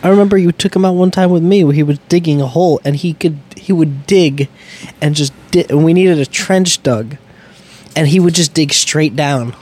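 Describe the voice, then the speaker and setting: Higher-voiced man chiming in casually. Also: a little mellow. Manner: chiming in with short reactions and quick asides. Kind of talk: casual chat.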